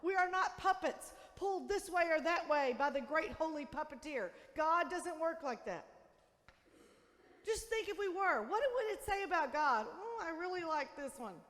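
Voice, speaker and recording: A woman pastor preaching a sermon, swinging between loud emphatic declarations and soft, hushed lines. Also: very high voice, lively intonation, moderate pace. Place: church sanctuary. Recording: long church reverb.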